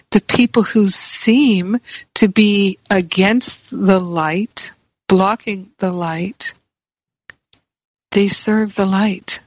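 A woman with a mid-range voice delivers a reflective spiritual teaching, repeating key phrases to drive them home. The recording is dry and slightly muffled, with no room sound.

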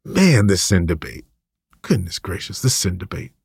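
A man's voice: deep voice, big pitch swings, normal speed, gravelly, a little mellow, breathy edge, no room sound, studio quality. A man preaching an impassioned, ranting sermon, full of repetition and rhetorical questions.

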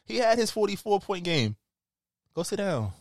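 A man with a New York accent, co-hosting a podcast with animated, profane ranting in casual banter. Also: high voice, normal speed, crowd noise. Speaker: podcast co-host.

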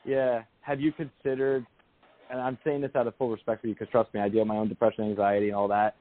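A man hosts a call-in psychic show, talking fast and in a reassuring way. He keeps repeating his phrases. The sound is thin and phone-like. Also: on the low side, level tone, faint music behind. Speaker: psychic radio host. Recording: tinny phone line.

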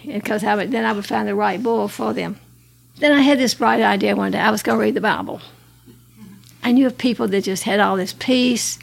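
A woman in her 80s from Alabama, US, speaks as a guest giving her personal testimony. Her medium-pitched voice is gravelly and a little rough, and she tells her life story earnestly, restarting and laughing along the way.

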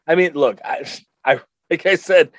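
A man's voice: on the high side, normal speed. A man co-hosting a podcast, chatting casually in a rambling, laid-back way with lots of fillers. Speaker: podcast co-host. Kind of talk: casual chat.

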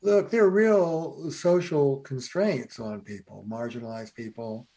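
Gravelly man telling stories thoughtfully. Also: medium pitch, expressive, mellow. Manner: many halting fillers and restarts. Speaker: family therapist, guest. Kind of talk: reflective conversation and storytelling.

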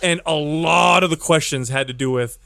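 Brief: male podcast host, higher voice, fast and emphatic, dry studio sound. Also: gravelly, sharp tone, no room sound. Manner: emphatic, direct questioning. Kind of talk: casual podcast chat.

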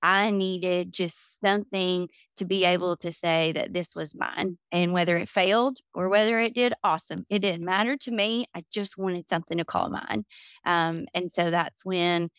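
A woman's voice: lowish voice, moderate pace, fairly bright tone, clean tone, dry recording. A woman guest on a podcast, telling her story candidly and with lots of fillers. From Florida. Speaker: podcast guest, business owner. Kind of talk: casual interview talk.

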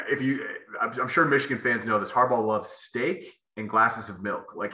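A man with a low-set, very bright and sharp voice tells stories about his playing days as a podcast guest. He rambles and restarts his sentences, padding them with fillers. The room around him rings with echo. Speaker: podcast guest, former football player. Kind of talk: casual storytelling interview. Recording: echoey room.

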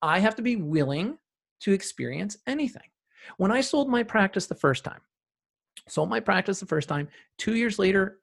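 A man guest on a podcast, telling stories from running a practice with emphatic repetition and loud rising bursts. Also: high-pitched, gravelly. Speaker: guest, practice owner and CEO. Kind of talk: podcast interview storytelling.

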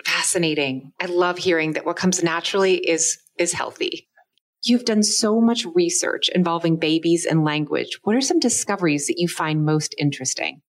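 A woman hosts an interview with a researcher, her voice sitting a little low for a woman. She talks conversationally, tying her questions to her own parenting memories. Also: normal speed. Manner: warm conversational, shares personal parenting experience.

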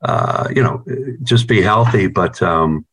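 Rambling, profane man with a lowish voice. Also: slow, creaky, fairly bright tone, husky. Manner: rambling, profane, heavy on "you know". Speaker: guitarist in a band. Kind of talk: casual interview storytelling. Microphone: video call.

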